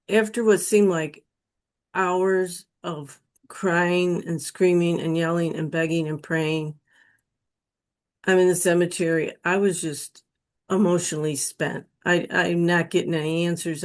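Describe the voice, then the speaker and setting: A middle-aged woman from Western New York slowly telling a personal spiritual testimony, emotional and earnest. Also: on the low side, steady tone. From Western New York State. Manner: slow, emotional, pleading when quoting her prayers. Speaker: guest telling her near-death experience story.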